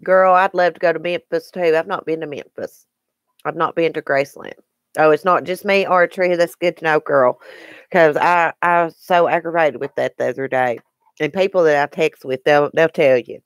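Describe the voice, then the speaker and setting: A woman's voice: low voice, moderate pace, smooth, dry recording, clean studio sound. A woman with a Southern American accent hosting a casual live stream, chatting and answering viewer comments by name.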